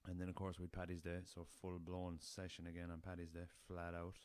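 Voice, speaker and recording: A man's voice: sits low, completely flat delivery, fairly quick, darkish tone, clean tone, no echo. An Irish man hosting a casual solo podcast, rambling through a story and swearing freely, recorded on a laptop. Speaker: podcast host.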